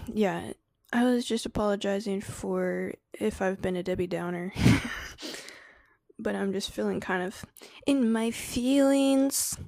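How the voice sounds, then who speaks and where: A woman's voice: medium pitch, a little mellow, dry recording, clean studio sound. A woman hosting a casual live stream, slangy and laughing often as she answers chat and drifts into spiritual preaching. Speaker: livestream host.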